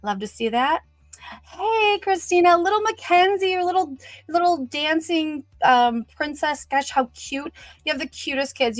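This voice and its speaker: A woman's voice: fairly high pitch, no echo. Chatty woman livestream host. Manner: chatty and upbeat, many "you know" fillers. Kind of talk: casual livestream chat, greeting viewers and reading comments.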